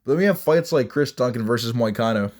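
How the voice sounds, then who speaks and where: A man's voice: mid-range voice, lively intonation, fast, darkish tone. A young man giving blunt, rambling, mocking commentary on fights, with frequent restarts. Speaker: MMA commentary vlogger. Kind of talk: casual ranting commentary.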